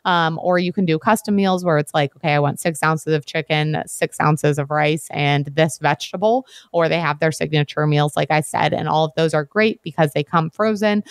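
A woman's voice: sits low, dry recording, clean studio sound. A woman co-hosting a podcast in casual chat, talking in a chatty, practical way with frequent likes and ums. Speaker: podcast co-host.

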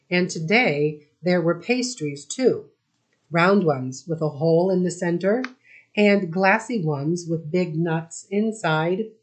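A woman reading a novel aloud as an audiobook narrator, measured and steady. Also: fairly low pitch. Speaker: audiobook reader. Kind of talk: scripted narration.

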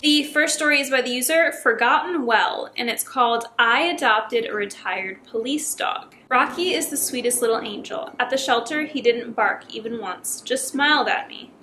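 Woman storyteller, crisp bright tone, a bit high, faint music underneath. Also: normal speed, hardly any pauses. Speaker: YouTube storyteller. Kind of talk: reading short scary stories aloud.

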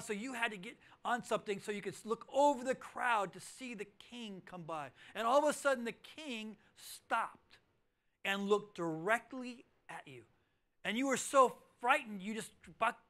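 A high-pitched male pastor in middle age delivers a sermon in a church auditorium. He tells his story with swings between loud, pressing emphasis and quiet, hushed lines. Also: moderate pace. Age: middle-aged.

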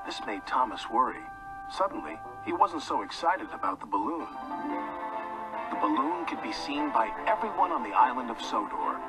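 A man telling a children's storybook tale with a very animated, swooping delivery. His pitch sits mid-range for a man. Music plays clearly behind his voice. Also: moderate pace, low-quality recording. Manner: lively, expressive storytelling. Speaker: narrator. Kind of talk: storybook narration.

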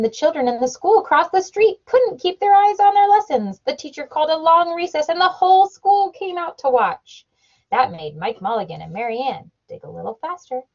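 A woman, a mother, reading a picture book aloud to her child at home, animated and playing up the sound effects. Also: sits high. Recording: dull lo-fi home recording.

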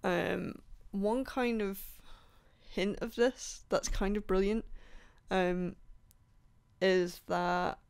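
A woman vlogging about books in a casual, rambling, enthusiastic way, with many ums and a voice going hoarse. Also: medium pitch, fairly even intonation, extremely slow, long pauses. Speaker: book vlogger. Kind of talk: casual book review chat.

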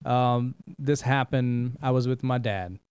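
Middle-aged man, smooth clear voice, dry close sound, animated storytelling host. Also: medium pitch, takes it slowly, no room sound. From India. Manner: animated, repeats words while recalling. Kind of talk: casual storytelling chat.

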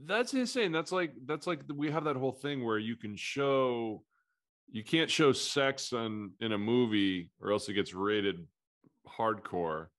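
Male podcast host, mid-pitched voice, relaxed conversational questioner. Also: a little slow. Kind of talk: casual podcast chat.

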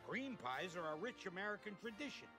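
Gushing pie enthusiast. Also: male voice, high-pitched, sing-song, brisk, music in the background. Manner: enthusiastic, over-the-top. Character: gushing man hyping cream pies.

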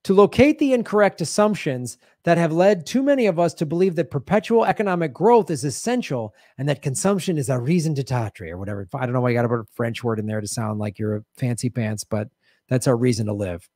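A man in the middle of a heated political commentary, sarcastic and indignant. His voice sits at an ordinary pitch and lurches between loud jabs and low muttered asides. The sound is dry and close, with no room around it. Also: animated, fast talker, no room sound. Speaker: show host.

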